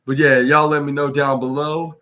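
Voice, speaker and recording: A man with a voice a little on the high side talks through a recap as a podcast host. He rambles casually, stumbles over names and keeps restarting his sentences before landing on the point. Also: level tone, moderate pace, pushed and bright. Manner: rambling, with frequent restarts and self-corrections. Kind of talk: casual recap of a wrestling show.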